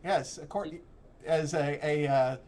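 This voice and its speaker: A man's voice: on the high side, fairly even intonation, unhurried, crowd noise. Chatty male co-host with stumbling restarts. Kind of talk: live call-in show.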